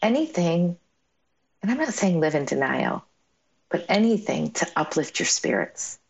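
Low-voiced upbeat woman radio host. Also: measured pace, gravelly, breathy edge. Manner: warm, encouraging, emphatic and animated. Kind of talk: upbeat motivational radio talk.

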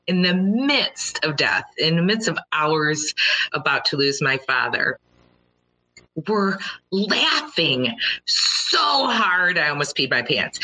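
Middle-aged woman, low and bright, earnest motivational speaker who acts out reactions in her stories. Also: low-quality recording. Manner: earnest and storytelling, with animated quoted reactions. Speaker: speaker addressing listeners. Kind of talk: motivational talk.

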